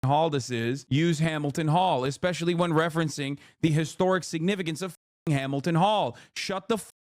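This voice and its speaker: A man's voice: fairly high pitch, brisk, dry recording, clean studio sound. A male streamer hosting a live commentary, ranting angrily and sarcastically with heavy profanity. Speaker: streamer host.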